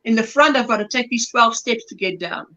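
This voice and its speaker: A woman's voice: on the high side, brisk, bright, forceful tone. A woman from South Africa hosting a casual livestream chat, reading out viewer comments, greeting people by name and laughing often. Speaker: livestream host.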